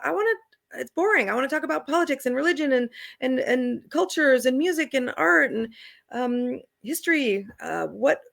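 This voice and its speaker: A woman's voice: sits high, gravelly. A middle-aged woman, an author and traveler, telling stories in a casual interview, chatty and laughing often as she acts out the people she quotes.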